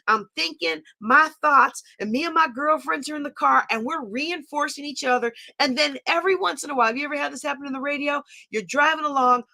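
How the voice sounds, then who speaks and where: A high-pitched woman teaches an online class, chatty and animated as she works through her points on a board. Her bright voice carries a gravelly edge of vocal fry.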